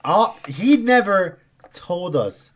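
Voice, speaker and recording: A young man co-hosting a casual chat, telling a story in an animated, profane way with loud laughs. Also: high-pitched, slow. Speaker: podcast co-host.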